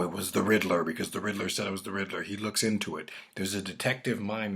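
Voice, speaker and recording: A man's voice: on the low side, bright, forceful tone, slightly rough. A man ranting to camera in a rambling way, swearing often and restarting his sentences. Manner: profane, rambling, with frequent restarts. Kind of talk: rambling opinion rant to camera.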